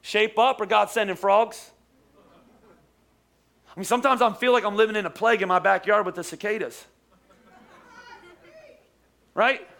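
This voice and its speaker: A man's voice: high-pitched, steady tone, fairly quick, creaky, long pauses, fairly bright tone. A man, a pastor, preaching a sermon in a conversational storytelling way, with jokes and asides to the congregation.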